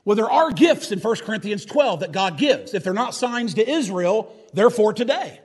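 A man delivers a folksy, mocking sermon. His voice sits high for a man and has a husky edge to it. He preaches with swells of intensity, then drops back down. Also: lively intonation, moderate pace.

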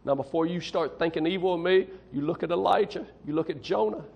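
A man's voice: on the high side, quick pace, creaky, a little mellow, husky. A man preaching a testimony sermon as a missionary to a church congregation, folksy and emphatic, often repeating himself for stress. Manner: folksy, emphatic, repeats "I'm telling you".

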